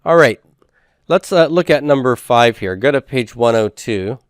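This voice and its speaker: A man's voice: medium pitch, animated, moderate pace, clean tone, no room sound, studio quality. A man teaching a Hebrew grammar lecture, patiently repeating words and checking in with "okay?".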